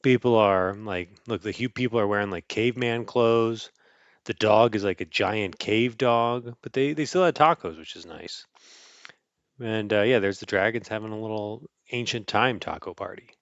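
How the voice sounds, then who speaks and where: A man casually reading a picture book aloud to a child, playful and animated, adding sound effects and chuckles. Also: on the low side, moderate pace, dry recording, dull audio. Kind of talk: casual storybook read-aloud.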